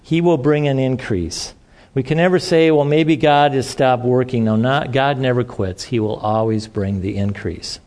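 A middle-aged man preaching an informal sermon, rambling and halting with many fillers and restarts. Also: mid-range voice, darkish tone.

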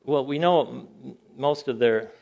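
Speaking a little slowly with a creaky voice, an older man tells stories animatedly in an informal Bible class sermon; his pitch climbs in disbelief and falls low and hushed for asides. The highs in the audio are cut off.

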